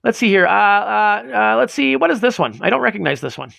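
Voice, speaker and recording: A man's voice: high-pitched, big pitch swings, brisk, vocal fry, fairly bright tone, dry recording, studio quality. A man hosting a casual livestream, rambling goofily and mocking himself, his voice getting strained. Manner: goofy, rambling and self-mocking. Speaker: livestream host.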